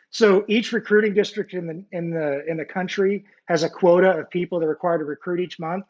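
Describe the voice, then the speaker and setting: Briskly and with fairly even intonation, a man with a high voice relates his past as a Navy nuclear technician. He is in his forties and from the United States, speaking in a casual interview over a video call whose audio is muffled. His talk rambles, with frequent fillers and restarts, as he jokes self-deprecatingly about being a nerd.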